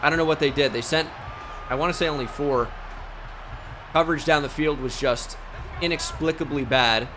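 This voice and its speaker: Excitable high-voiced man calling a video game. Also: moderate pace, pauses often, background noise. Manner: excitable play-by-play, shouting at big plays. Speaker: gaming YouTuber. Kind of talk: live game commentary.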